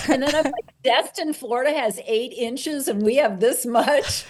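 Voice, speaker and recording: A woman's voice: high-pitched, moderate pace, slight background noise. A woman from Minnesota, a podcast guest, chatting and laughing easily. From Duluth, Minnesota. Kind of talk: casual podcast conversation.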